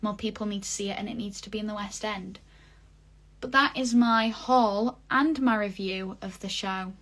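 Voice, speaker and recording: A young woman chats through a theatre review for her vlog, gushing and full of fillers. Her voice sits in a middle pitch, and her talk stays loose and unscripted. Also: steady tone, moderate pace, a bit bright. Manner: chatty, gushing, many fillers. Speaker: vlogger.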